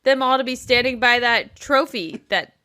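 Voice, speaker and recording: Bright, high-voiced podcast woman. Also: moderate pace, dry recording, studio quality. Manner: casual, swearing, trailing off. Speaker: podcast co-host. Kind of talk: casual chat.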